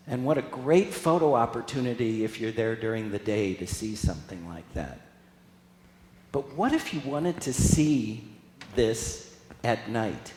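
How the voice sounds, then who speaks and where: A man giving a casual spiritual talk as a guest speaker, chatting with the congregation and asking them questions. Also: medium pitch. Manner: conversational, asks the audience questions. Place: spiritual center hall. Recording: echoey hall from a distance, faint room noise.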